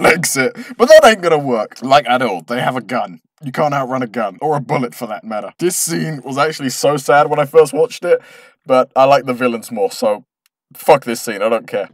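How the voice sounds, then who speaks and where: A man's voice: on the high side, sing-song, moderate pace, no echo. Sarcastic man ranting through an anime recap. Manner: sarcastic, swears freely, rants with exaggerated outrage. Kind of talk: comedic anime recap narration.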